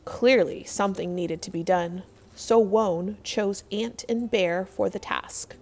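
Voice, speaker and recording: A woman narrates a folktale in a measured, expressive way, with a mid-pitched voice. Her words carry a long, lingering hall reverb that trails after each phrase. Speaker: storyteller. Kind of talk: reading a folktale aloud.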